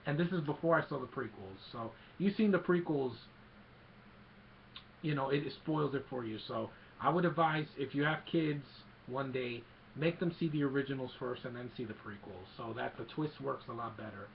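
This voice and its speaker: A young man retells a film he loves, excited and rambling, often restarting his sentences. His mid-pitched voice has a gravelly edge. The recording is muffled, with a faint hum. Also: normal speed. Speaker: film fan reviewer.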